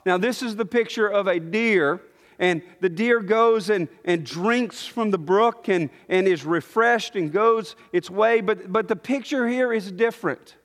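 A man's voice: high voice, a little slow, fairly bright tone. A man preaching a sermon, earnest and teaching, often restarting his phrases. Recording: long hall reverb.

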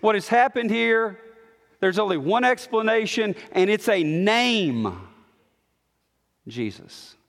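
Emphatic high-voiced male preacher. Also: normal speed, gravelly. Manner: emphatic, repetitive declarations, swings from loud to hushed. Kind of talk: sermon. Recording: long hall reverb.

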